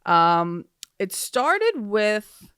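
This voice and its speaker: Woman podcast host, rambling storyteller, laughs a lot, crisp tone, dry close sound. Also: medium pitch, very animated, very slow, a bit bright, no room sound. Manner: rambling storyteller, laughs often, many fillers. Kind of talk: casual solo podcast chat.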